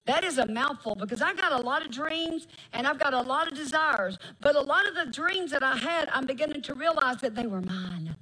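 A middle-aged woman preacher, delivering a folksy, emphatic sermon with drawn-out phrases and laughter. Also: sits high, lively intonation, bright, forceful tone, rough recording.

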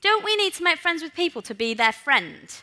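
A woman's voice: very high-pitched, very animated, a little fast, pushed and bright. A woman giving a conversational sermon and asking her listeners rhetorical questions. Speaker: preacher.

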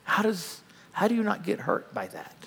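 A man preaching a sermon in a dramatic, animated way, acting out the scene as he goes. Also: sits high, moderate pace, vocal fry, slightly rough, big-room sound. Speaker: pastor.

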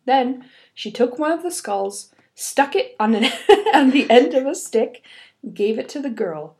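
A woman's voice: high-pitched, expressive, measured pace, a little mellow. A young woman reading a fairy tale aloud, breaking off for playful, giggly asides. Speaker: podcast host. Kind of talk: storytelling with casual commentary.

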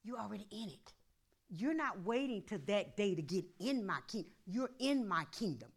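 A woman pastor, preaching a sermon that swings from murmured prayer to loud calls. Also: medium pitch, expressive, normal speed.

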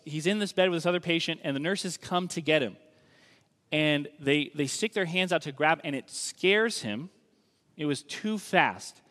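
A man preaching a sermon in a conversational, emphatic way, slowing down to stress key lines. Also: a little high, fairly bright tone. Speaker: pastor. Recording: long reverb of a large hall.

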